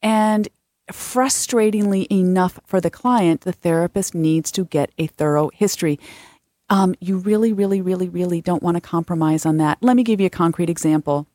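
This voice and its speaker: A woman's voice: fairly low pitch, normal speed, dark tone, dry recording, studio quality. A woman therapist co-hosting a podcast, explaining at length with frequent restarts and examples. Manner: explanatory, restarts often, tells client stories. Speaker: therapist and co-host. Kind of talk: casual podcast chat.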